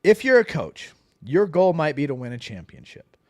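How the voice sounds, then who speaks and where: A man co-hosting a casual book podcast, his pitch bouncing around as he reads passages and comments on them. He sounds animated and conversational. The recording is close and dry, with no room sound. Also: moderate pace, no room sound. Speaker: podcast co-host.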